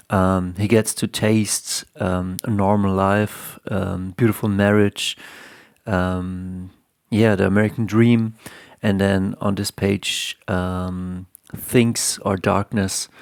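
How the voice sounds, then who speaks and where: A man with a low, gravelly voice talks through a comic story at an unhurried pace. His delivery stays flat and hesitant, full of ums and restarts. The sound is close and dry. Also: no room sound. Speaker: comics teacher and host. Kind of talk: casual retelling of a comic story.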